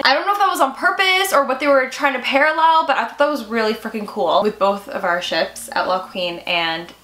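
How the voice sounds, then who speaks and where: A young woman co-hosting a casual fan chat about a TV show, gushing and excitable, with lots of "like". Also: fairly high pitch, fairly quick. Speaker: co-host. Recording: echoey room.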